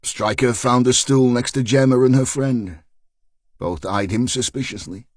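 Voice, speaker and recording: A man narrating a mystery thriller audiobook in a steady, measured reading. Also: mid-range voice, no room sound, clean studio sound. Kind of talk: scripted narration.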